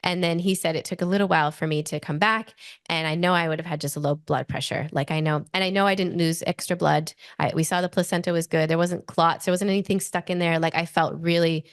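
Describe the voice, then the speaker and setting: A woman in her forties with an Australian accent tells a personal story as a podcast guest. Her voice sits on the low side, and she talks in an animated, rushing way full of "like" fillers. The sound is dry and close, with no room around it. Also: no echo. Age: 40s.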